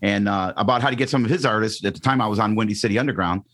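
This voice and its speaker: Male radio DJ, middle-aged, from around Chicago, lowish voice, casual animated interview storytelling, stumbles and restarts. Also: very fast. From Chicago area, Northwest Indiana. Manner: animated storyteller, acts out quotes, frequent ums and restarts. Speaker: radio DJ guest.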